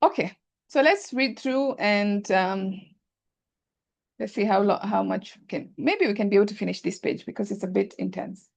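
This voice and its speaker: A woman's voice: mid-range voice, moderate pace, vocal fry. A woman teaching Arabic grammar in an online class, thinking aloud and often checking that students follow. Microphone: video call.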